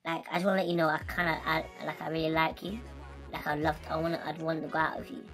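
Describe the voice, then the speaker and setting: A man voicing a shy teenage schoolgirl confessing a crush, halting and hesitant. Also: on the high side, little pitch movement, music in the background, natural voice. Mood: nervous.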